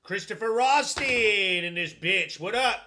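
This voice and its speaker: A young man hosts a live stream and rants hard, swearing constantly as he tears into a promotion and reads out his chat. His voice sits high and comes out bright and sharp. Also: animated, measured pace, a little hiss or hum. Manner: profane, heated ranting. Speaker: host. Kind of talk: livestream rant reacting to chat.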